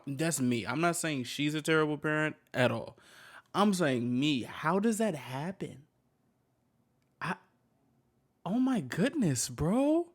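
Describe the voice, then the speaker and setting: Loud, incredulous man reacting. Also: mid-range voice. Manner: loud, incredulous exclamations, slangy and profane. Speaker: reaction video host. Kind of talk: casual reaction commentary.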